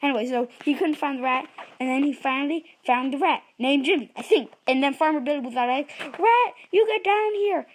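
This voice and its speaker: A woman's voice: high voice, steady tone, fast, low-quality recording. A woman improvising a rambling story that keeps losing track of its names and correcting itself. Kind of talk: improvised storytelling for a puppet app.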